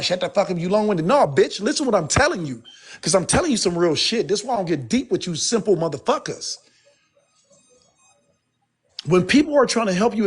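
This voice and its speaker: A man's voice: high voice, slightly rough. A man, a guest on a live stream, ranting in a profane, emphatic and rambling way after he has been drinking. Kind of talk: heated casual rant.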